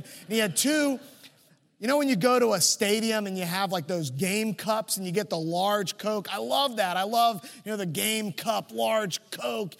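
Pastor, male, high voice, chatty storyteller with jokes, reverb of a big sanctuary. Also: normal speed, vocal fry, fairly bright tone. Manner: conversational, humorous storyteller. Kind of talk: sermon with personal storytelling.

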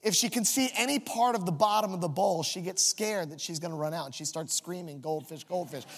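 A high-voiced male pastor with a gravelly edge tells a self-mocking family story from the pulpit. His sermon carries a long reverb from a big hall. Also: fairly quick.

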